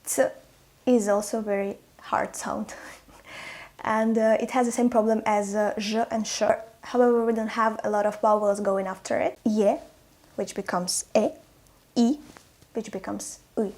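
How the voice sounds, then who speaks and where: A woman with a Russian accent teaching pronunciation to camera, playful and encouraging, sounding out words slowly. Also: medium pitch, level tone, darkish tone. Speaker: language teacher. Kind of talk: language lesson to camera.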